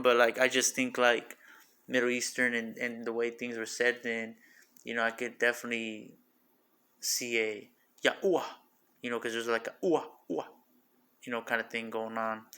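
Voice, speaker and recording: Man, casual religious teaching, bright sharp tone, fairly flat pitch, rambling, filler-heavy, repeats words to sound them out. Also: moderate pace, clean tone. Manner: filler-heavy, says like and you know often.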